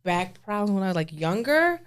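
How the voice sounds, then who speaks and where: Thirties woman, podcast co-host, animated laughing storyteller, casual chat. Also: mid-range voice, a little fast, smooth. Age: 30s.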